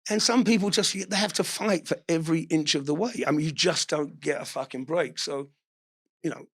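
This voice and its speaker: A man spins casual stories as an interview guest, cursing freely and laughing along the way. His voice sits a little high for a man. The tone is loose and conversational, like a raconteur among friends. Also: a little fast, fairly bright tone. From England. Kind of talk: casual storytelling.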